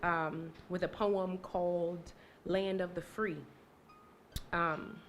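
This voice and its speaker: A young woman from Maryland with an American accent, performing spoken word poetry with rhythmic, emphatic recitation and soft, hesitant spoken introductions at an indoor live event. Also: fairly low pitch. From Maryland, USA. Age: young adult. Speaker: poet.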